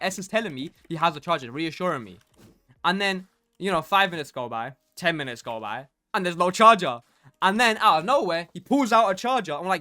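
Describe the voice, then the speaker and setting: A man's voice: a little high, a little fast, bright, forceful tone. A young man from England casually telling a rambling story while he plays a game, full of fillers and restarts. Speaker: gaming streamer telling a story.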